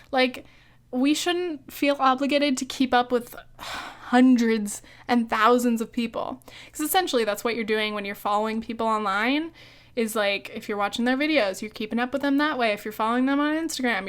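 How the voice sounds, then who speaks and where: A woman's voice: high voice, clean tone. A young woman hosting a solo podcast, rambling casually with lots of fillers, cursing freely and laughing as she talks, hiccuping now and then. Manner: chatty, profane, laughs often, filler-heavy. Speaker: podcast host.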